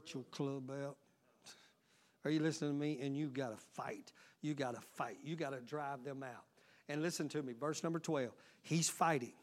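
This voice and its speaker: A male pastor preaching a sermon. He shifts between loud, emphatic exhortation and quiet asides, and keeps calling out questions to the congregation. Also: medium pitch, normal speed. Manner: frequent call-outs to the congregation.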